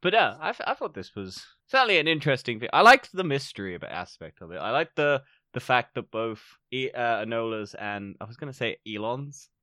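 Bright-voiced young man chatting casually. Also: medium pitch, big pitch swings, a little fast, hardly any pauses, no room sound, studio quality. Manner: rambling, joking, swears casually. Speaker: podcast co-host. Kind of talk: casual chat.

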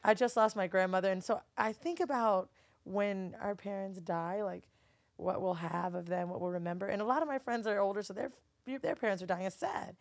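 A woman's voice: medium pitch, a little fast, dry recording. A woman chatting as a podcast guest, candid and profane, who keeps slipping into impressions of her relatives. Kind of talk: casual chat.

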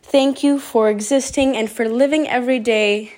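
Speaking at normal speed with a high, darkish voice and fairly even intonation, a woman records a confessional voice memo. She rambles with heartfelt emotion, clearly upset, talking directly to the listener and revising her words mid-thought.

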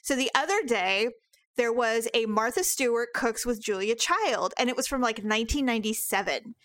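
A woman with a naturally high voice co-hosting a casual podcast chat, chatty, laughing easily and swearing now and then. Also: moderate pace, fairly bright tone, dry recording, clean studio sound. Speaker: podcast co-host.

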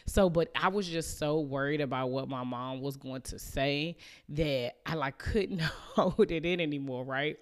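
A woman's voice: sits low, a little slow. Chatty woman telling a family story. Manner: chatty, with many fillers and laughs; acts out family members' lines. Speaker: podcast host. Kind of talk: casual storytelling monologue.

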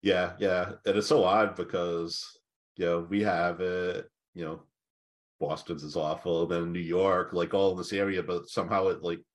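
A very low-voiced man chats in a relaxed way. He agrees easily and rambles along with plenty of fillers. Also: moderate pace. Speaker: co-host. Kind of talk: casual chat.

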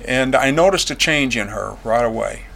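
A man giving a personal testimony as a veteran, plain-spoken and earnest, going quiet on painful memories. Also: mid-range voice, expressive, normal speed, gravelly.

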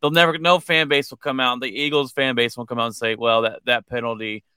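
A man co-hosting a casual sports talk show, halting and restarting often as he reads out listener comments. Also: medium pitch, bright, forceful tone, clear, resonant tone, no room sound, clean studio sound. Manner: halting, many restarts and fillers. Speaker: co-host.

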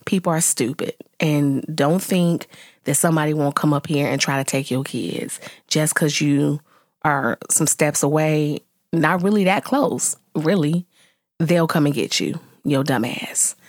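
A woman in her thirties, a mother vlogging to her viewers, telling a story in casual chat and venting with exasperated, animated exclamations. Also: sits low, unhurried, no room sound, studio quality.

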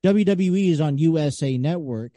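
A man's voice: on the high side, moderate pace, dark tone, dry recording. A man guest-hosting a podcast, chatting casually and searching for words as he talks. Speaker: guest co-host. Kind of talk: casual chat.

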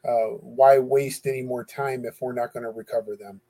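A man's voice: medium pitch, fairly even intonation, moderate pace, dark tone. A man speaking as an interview guest, talking earnestly and hesitantly with many fillers and restarts. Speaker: guest who corresponds with death row inmates. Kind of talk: casual interview talk.

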